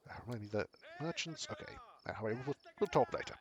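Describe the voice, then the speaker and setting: A man's voice: mid-range voice, expressive, quick pace, husky. A man streaming a game playthrough, commenting in a hesitant, self-deprecating way.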